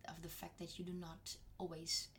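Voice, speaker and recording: Soft-spoken Dutch-accented young woman. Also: on the low side, monotone, normal speed, a little hiss or hum. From Netherlands. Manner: soft-spoken, often dropping to a near whisper, many restarts. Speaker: voice actress and singer. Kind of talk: casual interview chat.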